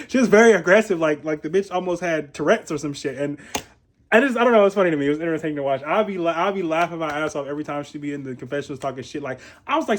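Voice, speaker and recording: A young man from Ohio giving a casual, profane commentary on a reality show. He is chatty, laughs often and makes animated asides. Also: fairly high pitch, very fast. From Columbus, Ohio, USA. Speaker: reality TV reviewer.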